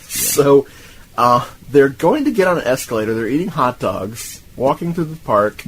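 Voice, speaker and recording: A man co-hosting a podcast, animated and profane, laughing as he recounts a film. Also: mid-range voice, moderate pace, slight background noise, low-quality recording. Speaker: podcast co-host. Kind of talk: casual film-review chat.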